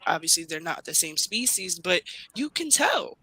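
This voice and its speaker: A woman from Brooklyn, a podcast guest telling stories in animated, casual chat. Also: fairly low pitch, moderate pace, slightly rough, rough recording. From Brooklyn, New York. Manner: animated, storytelling, laughs loudly.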